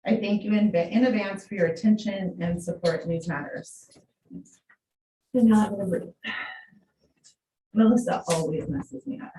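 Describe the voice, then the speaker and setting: A woman's voice: medium pitch, warm tone. A woman, an eighth grade teacher and union representative, giving candid public comment at a school board meeting. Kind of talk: public comment, reading a letter then speaking freely. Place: large meeting room. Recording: echoey room, distant mic, faint hiss.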